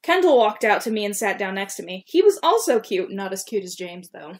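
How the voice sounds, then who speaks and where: A woman's voice: medium pitch, sing-song, a little fast. A woman co-hosting a podcast, casually reading her old fan fiction aloud and stopping to comment on her own writing. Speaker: podcast co-host.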